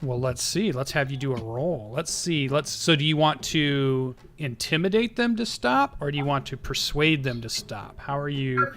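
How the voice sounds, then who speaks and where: A man's voice: on the high side, lively intonation, moderate pace, hardly any pauses, a crowd in the background. A man narrating as game master, easygoing and prompting players with questions.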